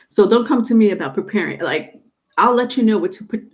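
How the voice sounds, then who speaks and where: A middle-aged woman hosts a tarot livestream from home, chatting casually in a loose, talkative way. Her medium-pitched voice is expressive at a normal speed, and she circles back over her points and laughs often.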